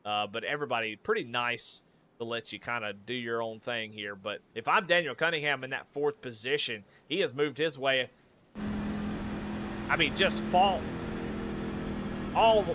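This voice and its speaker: A man calling a sim race live, excitable and given to repeating the same questions. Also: medium pitch, noisy background. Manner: excitable, repeats questions, builds to shouting at the finish. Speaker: sim racing commentator.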